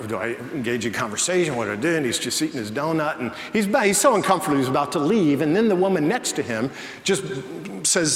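Animated pastor in an echoey hall. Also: male voice, fairly high pitch. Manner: animated, acts out quoted voices in the story. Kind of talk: sermon storytelling. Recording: echoey church hall, faint ambience.

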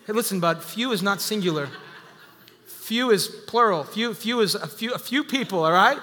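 A man with a high, bright voice preaches to his congregation, calling out to them with lively energy. His voice rings through a church hall with a long echo. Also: normal speed. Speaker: pastor. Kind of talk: sermon. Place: church sanctuary. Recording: echoey hall.

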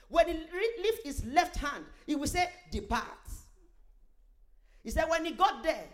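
A woman preacher retelling a testimony in an emphatic, exclaiming sermon style. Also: high voice. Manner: animated, emphatic, with exclamations and asides.

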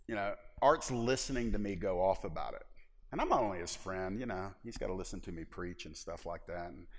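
A middle-aged man pastor preaching a sermon in a church, animated and humorous, acting out little scenes as he goes. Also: low voice, big-room sound.

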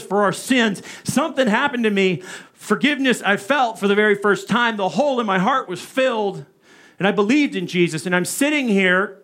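Guy preaching, tells a story, kinda high voice, lively and playful with the crowd. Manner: animated, acts out quoted voices, asides to the audience. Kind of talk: storytelling sermon.

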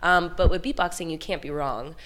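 A woman's voice: deep voice, fairly quick. An American woman talking animatedly as an interview guest. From United States. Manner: lively, animated storyteller. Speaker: beatboxer and guest. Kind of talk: casual interview chat.

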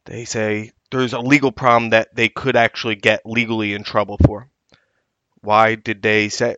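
A man's voice: lowish voice, normal speed, no room sound, lo-fi sound. A man co-hosting a podcast as a reporter, telling stories animatedly and acting out quotes. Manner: animated storyteller, acts out quotes. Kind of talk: casual podcast chat.

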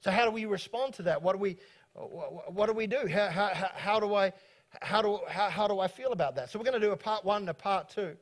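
A man pastor hosting a church talk from the stage, speaking quickly and excitably with many stumbling restarts. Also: high-pitched. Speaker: pastor and host. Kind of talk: church talk introducing guests.

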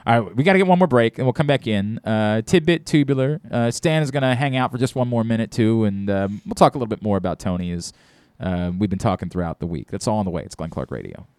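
A man hosting a radio talk show, chatting and joking in a lively, laughing way. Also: on the low side, fast talker, a little hiss or hum. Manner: animated, laughing storyteller. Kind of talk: casual radio banter.

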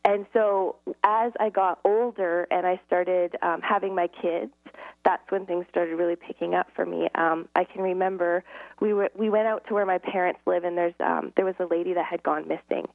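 Earnestly recounting stories as an interview guest, a middle-aged woman acts out dialogue and laughs frequently. Her fairly low, creaky voice holds a steady tone at a moderate pace, coming through dry, tinny phone-line audio without echo.

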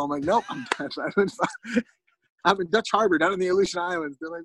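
A man's voice: fairly high pitch, quick pace, fairly bright tone, no room sound, rough recording. A man casually telling a long story as a podcast guest, rambling with lots of fillers and restarts.

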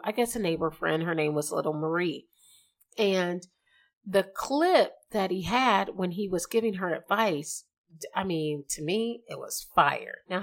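A woman hosting a podcast in casual chat, talking in a slangy, chatty way with quick asides. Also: on the low side. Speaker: podcast host.

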